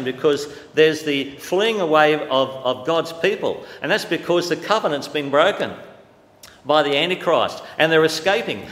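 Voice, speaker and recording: A man preaching a sermon with great passion, swinging from loud declarations to hushed, quiet stretches. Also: fairly high pitch. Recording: echoey hall with long reverb.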